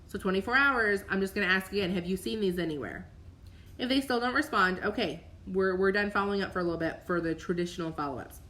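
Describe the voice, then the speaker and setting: Woman, casual teaching talk, upbeat and chatty, crisp bright tone, medium pitch. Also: fast talker, hardly any pauses. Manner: chatty, upbeat, filler-heavy. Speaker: network marketing coach. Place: recorded at home for a replay.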